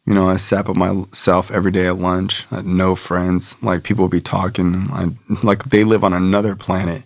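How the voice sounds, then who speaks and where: Gravelly low-voiced man telling his story. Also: level tone, a little fast, few pauses, dry recording, studio quality. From South Florida. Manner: frank, loose, heavy use of "like" and profanity. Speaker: podcast guest. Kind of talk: candid personal storytelling.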